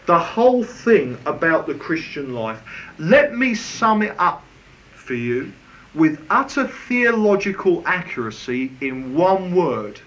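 A man preaching a sermon in a lively, conversational way with touches of humor. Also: on the high side. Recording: dull lo-fi recording.

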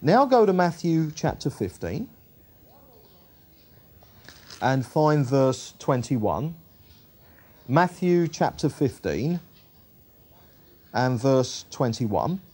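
The man's medium-pitched voice is sing-song, slow, and darkish, slightly rough, with long pauses. Teaching a Bible study, he reads scripture aloud and then explains it in a conversational way, often saying um and uh and correcting himself as he goes.

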